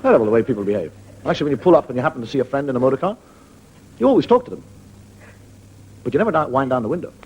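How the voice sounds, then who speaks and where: A man's voice: medium pitch, animated, very fast, pauses often, dull audio, a little hiss or hum. A man doing a stand-up monologue for a live audience, telling stories in a wry, conversational way. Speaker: stand-up comedian. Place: stage before a live audience. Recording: loud live audience laughter.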